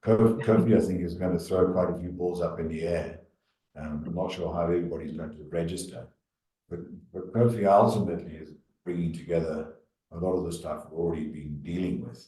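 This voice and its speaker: A man's voice: sits low, mellow, reverberant, far from the mic, poor audio. A man speaking bluntly and informally as a panelist in an online discussion. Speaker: webinar panelist.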